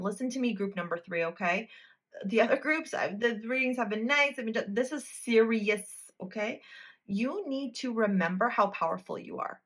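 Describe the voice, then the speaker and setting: A woman's voice: mid-range voice, moderate pace. A woman reading tarot cards for a pick-a-card video, talking straight to the viewer in a blunt, emphatic way and swearing freely. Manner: addresses the viewer directly. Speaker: tarot reader.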